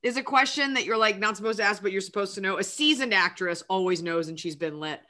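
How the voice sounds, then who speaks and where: A woman's voice: medium pitch, fast, sharp tone. A woman actress chatting casually as an interview guest, rambling and self-deprecating with lots of "like".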